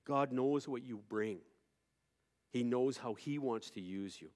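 A male pastor preaching a sermon, moving from quiet storytelling to loud, impassioned preaching. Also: medium pitch, a little slow.

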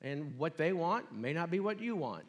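A man's voice: fairly high pitch, very animated, moderate pace, muffled recording. A man preaching a sermon in a casual, storytelling way with chatty asides. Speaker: pastor.

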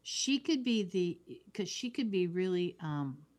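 A woman co-hosting a casual film chat, agreeable and unhurried, often trailing off mid-thought. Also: on the low side, expressive, darkish tone. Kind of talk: casual chat about films.

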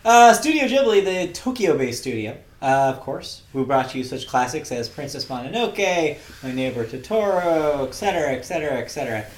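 A man's voice: a little high, big pitch swings, normal speed, hardly any pauses, roomy sound. A man hosting a casual movie podcast, chatty and upbeat with lots of fillers. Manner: chatty, upbeat, laughs easily, frequent fillers. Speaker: podcast host.

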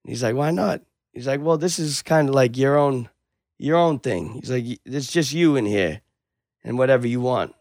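A man's voice: medium pitch, moderate pace, dry recording. A man retelling a story in casual chat, acting out the dialogue with lots of swearing. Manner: animated storyteller, acts out dialogue, swears a lot.

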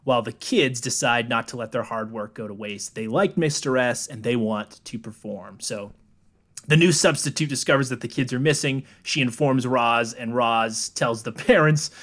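A young man co-hosting a podcast, recapping a film in a relaxed, joking way, laughing often and swearing. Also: medium pitch, moderate pace. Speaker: podcast co-host. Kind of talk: casual movie recap chat.

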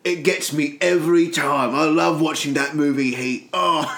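A man's voice: fairly high pitch, steady tone, measured pace, creaky, fairly bright tone. A man improvising a rambling, giggly firefighter who keeps getting sidetracked by movies, in a comedy role-play. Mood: goofy. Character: dopey male firefighter obsessed with movies. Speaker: comedy podcast co-host. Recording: echoey room.

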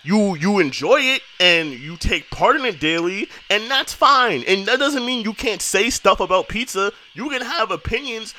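New dude going off on a rant, bright lively voice, swears a ton. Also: male voice, high voice, a little hiss or hum. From New York. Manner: heated, rambling rant with lots of swearing. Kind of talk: casual chat.

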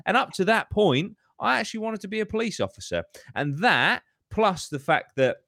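A man's voice: sits high, big pitch swings, moderate pace, gravelly, pushed and bright, no echo, clean studio sound. A man, hosting a podcast and telling a story in casual chat, swearing heavily and ranting with animation. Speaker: podcast host.

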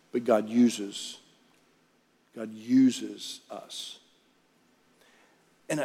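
A man's voice: medium pitch, warm tone. A man preaching a sermon to a congregation, chatty and direct, asking the room questions. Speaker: pastor. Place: large church auditorium. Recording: reverberant hall with faint music.

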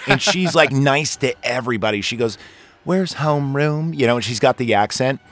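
A man's voice: mid-range voice, brisk, a bit bright. A man hosting a casual podcast, recapping a film in a rambling way with crude jokes and lots of fillers. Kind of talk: casual chat.

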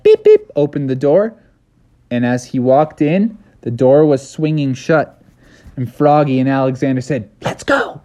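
A man improvising a bedtime story, narrating in a lively, playful way. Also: medium pitch.

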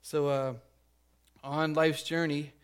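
A pastor preaching a conversational sermon, checking in with the congregation and acting out the grumbling crowd. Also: male voice, a little high, little pitch movement, slow pace, smooth. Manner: acts out grumbling crowd voices.

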